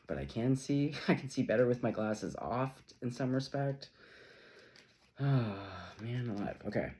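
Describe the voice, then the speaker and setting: Amid slight background noise, a middle-aged tarot reader chats his way through a spread for viewers. His animated voice ranges widely in pitch, punctuated by playful tangents and little laughs.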